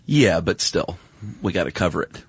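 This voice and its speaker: A man's voice: low-pitched, very animated, moderate pace, husky, no echo. A man co-hosting a podcast in casual chat, laid-back and easygoing, chuckling often. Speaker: podcast co-host.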